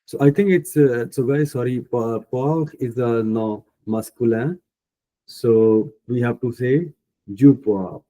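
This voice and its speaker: A man with an Indian English accent teaching a French class online, speaking slowly and patiently, thinking aloud and correcting himself. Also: mid-range voice, dark tone, poor audio. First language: Punjabi. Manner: slow, patient, thinking aloud with many fillers; self-correcting mid-sentence.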